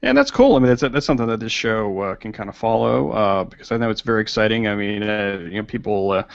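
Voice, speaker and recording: A man hosting a live online talk show, talking in a halting way with many fillers and restarts. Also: fairly low pitch, animated, vocal fry, muffled recording. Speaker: podcast host. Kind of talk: casual chat.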